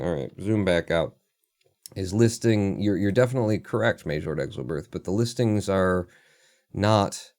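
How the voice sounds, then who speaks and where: A man's voice: on the low side, a little mellow. Sardonic, profane male livestreamer. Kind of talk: casual live-stream commentary.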